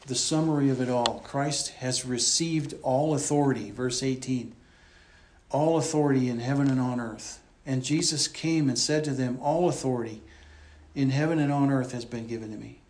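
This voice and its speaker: A man's voice: mid-range voice, moderate pace, darkish tone. A man preaching a conversational expository sermon in a church, explaining and repeating his points as he goes. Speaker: pastor.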